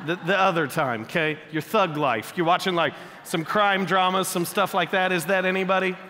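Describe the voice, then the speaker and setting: A male pastor preaches in an animated, joking way to his congregation. His voice sits high and sounds bright and forceful. Long reverb from the church hall hangs behind him. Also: moderate pace, slight background noise. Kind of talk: sermon.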